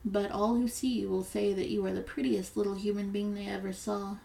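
A woman's voice: mid-range voice, level tone, fairly quick, vocal fry, warm tone, recorded from a distance, lightly acted, rough recording. A woman voicing a scheming old sea witch in a storybook reading, blunt and warning.

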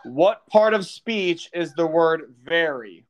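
A man's voice: fairly high pitch, expressive, slow. A young man co-hosting a podcast, quizzing his partner in a teasing, casual way and laughing often. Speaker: podcast co-host and quizmaster. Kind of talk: casual chat.

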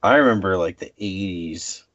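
A man in his forties co-hosting a casual chat, rambling and halting with many fillers, in a dull, muffled recording. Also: low-pitched, a bit bright, dry recording.

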